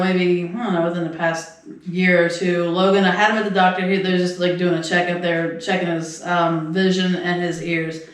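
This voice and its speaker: A woman's voice: fairly low pitch, far from the mic. A middle-aged woman chats on a podcast, telling a winding story full of acted-out quotes and laughter. She sits well back from the mic in a very echoey room. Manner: rambling storyteller, laughs often, acts out quotes. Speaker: podcast co-host. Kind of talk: casual chat.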